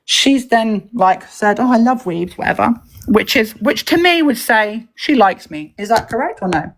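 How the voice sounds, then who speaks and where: A woman hosting a livestream, telling a heated story in a casual, animated way and acting out the voices of others. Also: on the high side, moderate pace, low-quality recording. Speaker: livestream host.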